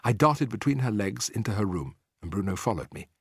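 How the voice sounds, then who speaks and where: A man reading a children's story aloud as a lively, expressive audiobook narrator. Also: on the low side, fairly quick, gravelly, slightly rough, dry recording, studio quality. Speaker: audiobook reader.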